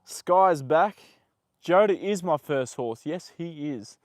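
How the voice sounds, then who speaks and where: A man's voice: fairly high pitch, lively intonation, slow pace, a little mellow, dry recording, clean studio sound. Give me a young man chatting casually on a livestream from a horse paddock, rambling, swearing lightly and talking to his horse between stories. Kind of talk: casual live chat.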